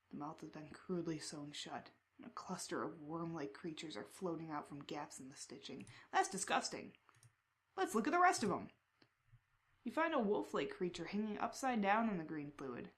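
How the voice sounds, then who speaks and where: A woman playing a text adventure, reading the descriptions aloud and breaking into excited reactions. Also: on the low side. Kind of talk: casual game playthrough.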